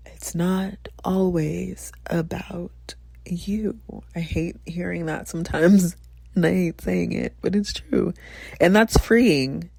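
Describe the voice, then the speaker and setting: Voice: mid-range voice, steady tone, slow pace, vocal fry, a little mellow, slightly rough, no echo. A podcast host who also teaches, talking in a casual, passionate, rambling way, swearing often, laughing and thinking aloud. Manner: passionate, rambling, frequent profanity.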